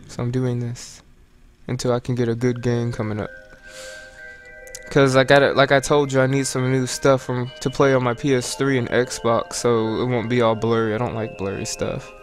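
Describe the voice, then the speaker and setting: Casual, jokey young gamer man. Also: medium pitch. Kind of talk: let's play commentary.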